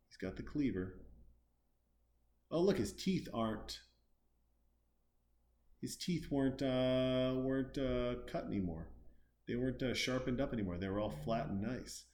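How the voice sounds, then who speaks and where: A comedian making profane, sarcastic commentary while watching a horror film, muttering low and then breaking into loud outbursts. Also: male voice, lively intonation, a little slow, pauses often, roomy sound.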